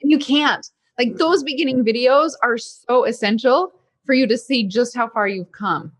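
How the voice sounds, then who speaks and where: A woman's voice: fairly high pitch, normal speed. A woman hosting a podcast, chatting casually and animatedly, laughing often. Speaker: podcast host. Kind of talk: casual conversation.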